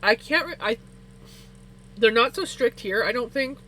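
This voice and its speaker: A woman hosting a casual livestream, chatting while she knits and telling stories with lots of laughter. Her voice shoots up high when she gets excited. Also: a little slow, a little hiss or hum, rough recording. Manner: animated storyteller, laughs often, voice climbs high when excited. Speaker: livestream host. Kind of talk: casual chat while knitting on stream.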